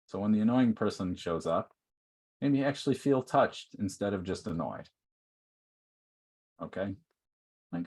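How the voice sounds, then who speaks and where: Brief: deep-voiced male presenter, chatty and informal, lecturing to a workshop. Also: animated, measured pace, long pauses, darkish tone, slightly rough. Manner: conversational, uses many fillers like "like" and "okay". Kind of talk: online teaching talk.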